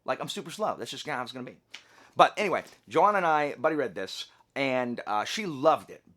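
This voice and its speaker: Male book reviewer, mid-pitched, very lively intonation, rambling and emphatic. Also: fairly quick. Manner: rambling and chatty, with frequent restarts and asides. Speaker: book reviewer, channel host. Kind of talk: casual chat to camera.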